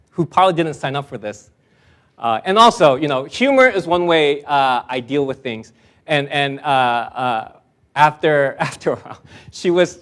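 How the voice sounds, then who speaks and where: Self-deprecating pastor, emphatic at the close. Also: male voice, on the high side, fairly bright tone. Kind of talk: sermon.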